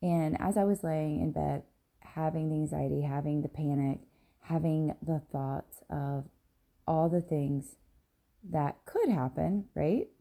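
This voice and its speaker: This business coach hosts a casual solo podcast in a low, creaky, dark voice, speaking a little slowly. She's yawning and tired in the early morning, and her candid, slightly rambling talk is full of ums and "right?"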